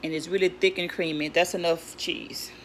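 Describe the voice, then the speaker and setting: A woman's voice: fairly low pitch, expressive, moderate pace. A woman making a casual cooking vlog in her home kitchen, chatty and rambling, stumbling over her words as she goes. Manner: chatty, rambling, stutters and restarts. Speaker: home cook vlogger. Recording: home recording with clear kitchen noise. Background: clinking pots, pans and cutlery.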